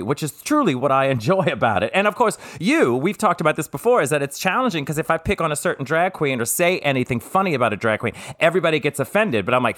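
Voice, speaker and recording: Host, man, brash and profane, high lively voice, dry. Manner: brash, profane, laughs a lot. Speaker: podcast host. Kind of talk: campy banter.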